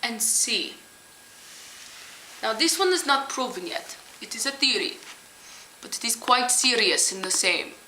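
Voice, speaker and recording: A woman's voice: a little high, expressive, a little slow, pauses often, bright, forceful tone, roomy sound, a little hiss or hum, poor audio. A young woman playing an eccentric female psychology professor, lecturing with theatrical, overly formal delivery in a homemade comedy sketch. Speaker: mock lecturer.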